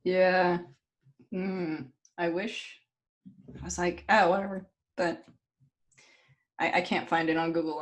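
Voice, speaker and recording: A woman with a somewhat low voice co-hosts a casual podcast. She tells stories in a lively, giggly way and swears freely. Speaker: podcast co-host. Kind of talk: casual chat.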